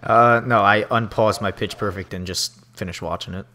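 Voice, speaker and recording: Low-voiced, dry young man player. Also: steady tone, moderate pace, pushed and bright. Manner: dry, indifferent. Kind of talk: casual role-play banter.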